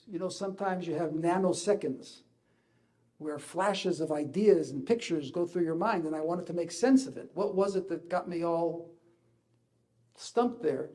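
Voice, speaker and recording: An older man with an Israeli accent giving a halting, emotional personal speech as an ambassador. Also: on the high side, dark tone. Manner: halting, searching for words, rising intensity in places.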